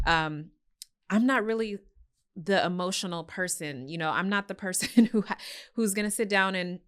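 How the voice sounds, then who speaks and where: Smooth-voiced woman podcast host. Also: fairly low pitch, a bit bright. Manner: earnest and reflective, agreeing often. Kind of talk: casual conversation.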